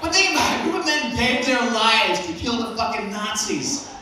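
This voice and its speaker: A man's voice: very high-pitched, lively intonation, normal speed, heavy background noise. A man from West Virginia doing a stand-up comedy set in a club, brash, profane and mocking. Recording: echoey club from far off.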